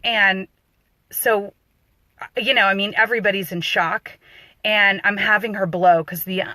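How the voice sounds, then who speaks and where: A woman working as a doula, telling a personal story in a loose, animated way with fillers and restarts. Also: medium pitch, a little slow, dry recording. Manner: animated, acts out quoted voices.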